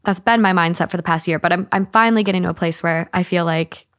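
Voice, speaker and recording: A woman's voice: lowish voice, fast talker. A woman speaking as a guest on a podcast, earnest and openly emotional. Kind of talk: casual interview.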